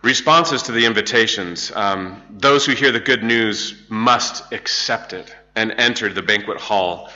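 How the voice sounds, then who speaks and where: Bright-voiced man teaching Bible. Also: on the low side, measured pace, few pauses, dull audio. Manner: conversational, storytelling with fillers. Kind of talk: Bible study lecture.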